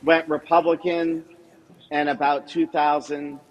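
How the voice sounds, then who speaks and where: A man calling in to give election results, measured and hedging with plenty of fillers. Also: on the high side, little pitch movement, lo-fi sound. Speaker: party official calling in results. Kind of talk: live call-in update.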